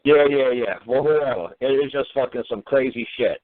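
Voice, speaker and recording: A man's voice: medium pitch, moderate pace. A man hosting a call-in talk show, scolding a caller in a profane, sarcastic way. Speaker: host. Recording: phone-quality radio audio.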